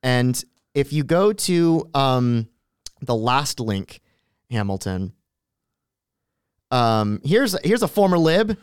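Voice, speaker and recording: A man with a clear, smooth voice talks through politics in a relaxed, conversational way. He sounds close to the mic in a dry room. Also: medium pitch, slow pace, long pauses, dry recording. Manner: reads long quoted tweets aloud, conversational asides. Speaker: co-host. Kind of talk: casual political commentary.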